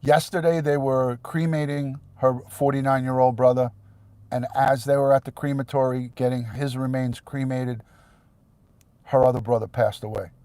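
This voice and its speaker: A middle-aged retired police detective, talking blunt and profane on a live stream, sometimes heated and shouting. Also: male voice, mid-range voice, level tone, moderate pace, dry recording. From New York. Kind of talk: live stream rant to viewers.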